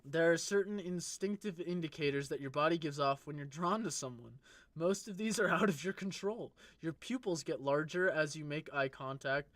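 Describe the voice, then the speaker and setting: A young man co-hosting a casual comedy podcast, jokey and excitable, swearing and riffing. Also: fairly high pitch, normal speed, dry recording. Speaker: podcast co-host.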